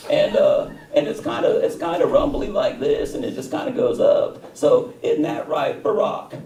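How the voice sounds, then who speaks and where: This is a folksy Southern ex-president, as a man puts him on. The voice rumbles in the throat and lifts at the ends. It is caught from far off in an echoey theater. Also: wildly swooping pitch, moderate pace, warm tone. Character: impression of a former southern US president. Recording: roomy theater sound, distant mic.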